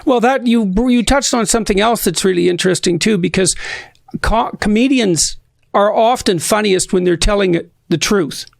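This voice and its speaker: A man interviewing his guest, speaking thoughtfully in a measured, halting way with frequent restarts. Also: sits high, gravelly, no echo. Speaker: interviewer, psychology professor.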